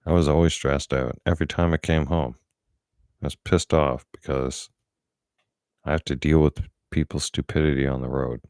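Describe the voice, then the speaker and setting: A man's voice: a bass voice, fairly even intonation, normal speed, darkish tone, no echo, studio quality. A middle-aged man talking bluntly and profanely in a casual monologue. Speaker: vlogger.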